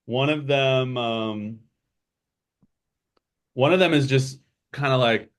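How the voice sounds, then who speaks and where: Slow, meandering male game master. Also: medium pitch, clear, resonant tone. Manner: unhurried, full of fillers. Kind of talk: running a tabletop game.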